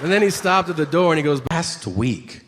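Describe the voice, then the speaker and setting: A man doing a stand-up routine on stage, telling stories in an animated way and acting out voices with shouted punchlines. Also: fairly high pitch, very fast. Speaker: stand-up comedian. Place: comedy stage before a live audience. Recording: live show with roomy reverb and crowd noise.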